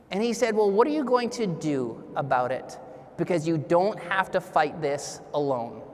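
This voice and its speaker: A man's voice: high voice, fairly bright tone. A man giving a motivational keynote speech, telling personal stories and putting questions to a live audience. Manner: storytelling, addresses audience with questions. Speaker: keynote speaker. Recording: long hall reverb.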